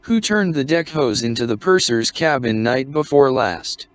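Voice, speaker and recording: A man voicing a gruff, stern ship's captain who speaks curtly and blusters at the boys in mock severity. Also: mid-range voice, animated, normal speed, no echo, lightly acted. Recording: dull, muffled lo-fi recording.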